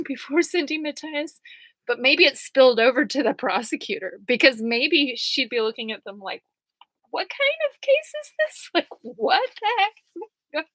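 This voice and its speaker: Woman with a bright, kinda high voice, chatty and laughy, going through court stuff in a dead dry room. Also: dry recording, low-quality recording. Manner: chatty, laughs often, many "like" fillers. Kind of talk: casual rambling commentary.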